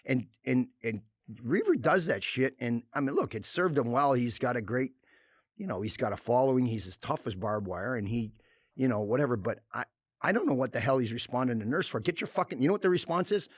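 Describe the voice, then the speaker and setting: A man's voice: medium pitch, a little fast, dry recording, studio quality. A middle-aged man, a former hockey enforcer, talking bluntly and with lots of swearing as a podcast guest. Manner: blunt, profane, animated storytelling. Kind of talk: casual chat.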